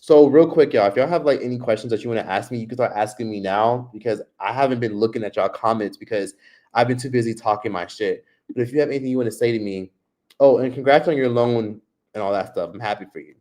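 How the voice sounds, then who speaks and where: A man's voice: mid-range voice, fast talker, warm tone. A man hosting a livestream, ranting casually and profanely straight to his viewers. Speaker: livestream host.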